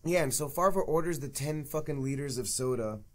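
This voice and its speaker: A man's voice: a little high, a little fast, crowd noise. A man co-hosting a podcast, mocking a film in a profane, casual way. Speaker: podcast co-host. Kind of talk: casual movie review chat.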